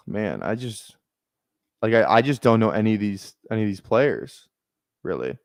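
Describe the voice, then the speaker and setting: A man's voice: lowish voice, very animated, normal speed, gravelly, no room sound. A young man casually commenting on a live fantasy football draft stream, rambling, repeating himself and swearing freely.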